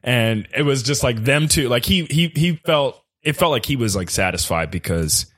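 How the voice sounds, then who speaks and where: A man on a studio mic, a podcast guest telling a comedic story casually with lots of fillers, jumping high when he quotes people. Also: animated, moderate pace, fairly bright tone, dry recording. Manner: loose, filler-heavy telling that jumps high for quoted voices.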